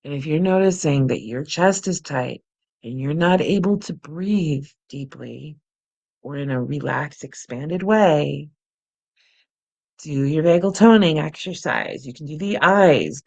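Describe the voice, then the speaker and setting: A middle-aged woman hosting a guided breathing practice, speaking softly and laughing at herself now and then. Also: deep voice, gravelly, dull audio. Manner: soft and unhurried, laughs at herself. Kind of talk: gentle guided meditation, chatty asides. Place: home, close to the camera. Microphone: camera mic, close.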